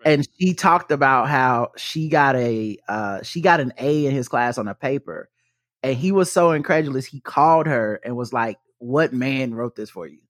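A man co-hosting a casual chat show, retelling a news story with lively quoted lines. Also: medium pitch, normal speed, dry recording, clean studio sound. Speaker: podcast co-host.

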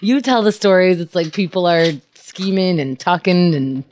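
A man's voice: high-pitched, lively intonation, normal speed, a little mellow, slight background noise. A man co-hosting a podcast in casual chat, teasing the others and laughing a lot. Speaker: podcast co-host.

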